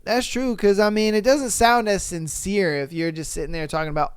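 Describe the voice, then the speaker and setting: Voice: mid-range voice, moderate pace, few pauses, clear, resonant tone, no echo, studio quality. A podcast host reads online posts aloud and reacts with slang, swearing and laughter. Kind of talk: casual reaction commentary reading online posts.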